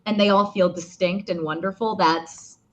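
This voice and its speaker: A woman voice actor talking casually in an interview, chatty with many fillers and restarts, with a slightly rough morning voice. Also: lowish voice, fairly even intonation, moderate pace, fairly bright tone. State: morning voice, clearing throat. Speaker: voice actor guest.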